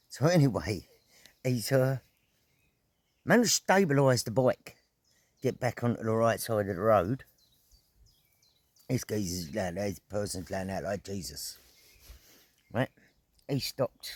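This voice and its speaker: A middle-aged man vlogging outdoors at an evening camp, telling a story in a casual, animated way, full of slang, swearing and sound effects. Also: deep voice, husky, no echo.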